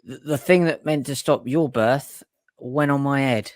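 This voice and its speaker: A man's voice: mid-range voice, unhurried, no echo, clean studio sound. A man co-hosting a podcast, joking crudely and mocking himself in casual banter. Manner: crude, self-mocking humor. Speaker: co-host.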